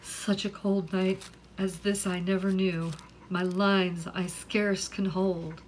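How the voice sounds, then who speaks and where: A woman voicing an earnest young man, slow and emphatic. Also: mid-range voice, flat delivery, slight background noise, close to an everyday voice, poor audio. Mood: urgent.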